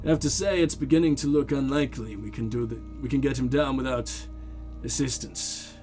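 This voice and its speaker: A man voicing a calm, reserved police lieutenant in a video game, speaking in a measured, dry way. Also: mid-range voice, faint music behind, pitched below the performer's own voice, lightly acted.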